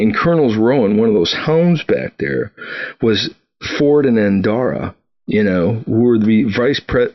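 A man's voice: lowish voice, muffled recording. A middle-aged man casually telling stories from his military career, rambling with many fillers and restarts and chuckling now and then. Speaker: podcast guest recounting military career. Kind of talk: casual storytelling.

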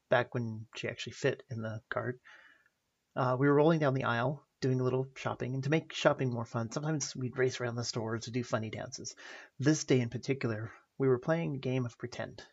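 A man's voice: medium pitch, gravelly, slightly rough, dull audio. A man in his thirties hosting a personal podcast, telling stories earnestly with light self-deprecating humor. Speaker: podcast host.

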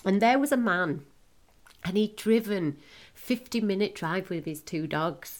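A middle-aged woman hosting a podcast, telling a personal story emotionally, with halting restarts. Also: mid-range voice. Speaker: podcast host.

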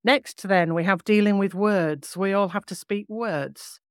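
A woman voice coach explaining vocal technique in a clear, measured teaching manner. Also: mid-range voice, no echo, studio quality. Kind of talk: podcast teaching.

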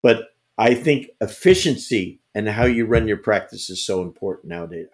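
A man's voice: lowish voice, animated, moderate pace. An older man, a veteran basketball coach, answering interview questions with emphatic anecdotes and frequent restarts. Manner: emphatic, repeats words, tells anecdotes. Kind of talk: conversational interview storytelling.

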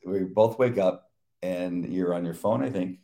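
A man's voice: deep voice, measured pace, mellow. A man co-hosting a Christian devotional chat with his wife, telling stories animatedly with stammering restarts. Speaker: co-host of a Christian devotional show.

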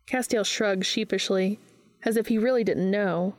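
A woman reading fan fiction aloud in a steady, even narrating voice. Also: medium pitch, moderate pace, no room sound.

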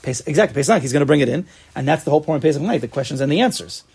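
A man teaching a casual Torah class, animated, acting out little dialogues and asking rhetorical questions. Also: a little high, racing, creaky, slight background noise.

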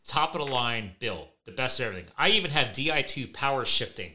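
A man hosting a podcast, telling animated, chatty anecdotes. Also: mid-range voice, quick pace, slight background noise. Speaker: podcast host. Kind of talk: casual conversation.

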